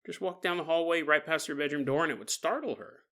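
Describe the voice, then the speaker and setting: A man's voice: fairly high pitch, fast talker, pushed and bright. A man hosting a podcast, telling a paranormal story casually with joking asides. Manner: joking asides, chuckling between lines. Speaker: podcast host.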